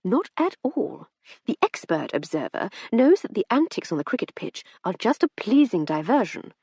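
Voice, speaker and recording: A woman's voice: mid-range voice, normal speed, husky, no echo, pitched above the performer's own voice. A woman voicing a wry aristocratic lady. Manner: wry, arch, lively. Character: witty, dry aristocratic lady. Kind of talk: audiobook character reading.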